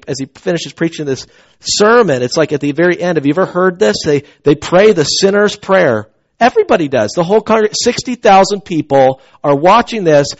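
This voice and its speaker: A man preaching a sermon as pastor, in a conversational, animated storytelling way. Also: high voice, dull audio.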